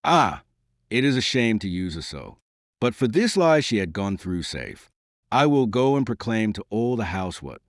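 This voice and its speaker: A man reads a passionate medieval knight in an audiobook. The knight's voice sits low and swings widely between indignation and wonder. The delivery is fervent. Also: big pitch swings, normal speed, dry recording, studio quality. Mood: indignant. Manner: indignant then awed exclamations. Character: agitated loyal medieval male knight.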